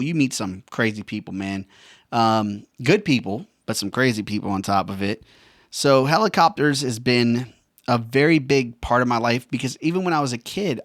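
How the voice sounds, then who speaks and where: A man's voice: medium pitch, fairly bright tone, no room sound, studio quality. A man, a veteran and former helicopter pilot, rambling casually with slangy jokes. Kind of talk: casual monologue.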